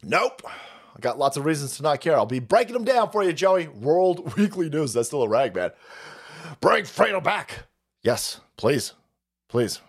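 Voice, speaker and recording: A man's voice: fairly high pitch, very animated, unhurried. A man hosting a livestream, ranting about politics in a foul-mouthed, mocking way and often breaking into laughter. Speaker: livestream host. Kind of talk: profane political rant on a livestream.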